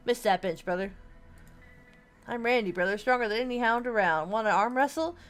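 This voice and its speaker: A woman's voice: a little high, lively intonation, brisk, clear, resonant tone, soft background music, natural voice. A woman voicing a friendly, simple-minded male wolf at a gym in a video game, reading his lines in a hearty way. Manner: hearty, calls everyone brother.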